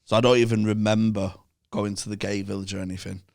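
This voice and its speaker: A man's voice: on the low side, little pitch movement, fast talker, background noise. A man in his thirties with a Manchester accent, a podcast guest telling bawdy stories and laughing mid-sentence. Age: 30s. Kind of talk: casual chat.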